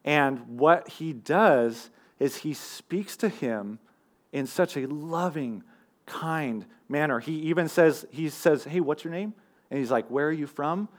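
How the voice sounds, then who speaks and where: A man's voice: a little high, slow pace. Casual young man preaching a sermon. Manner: conversational, self-deprecating storytelling with fillers. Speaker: college group teacher and preacher.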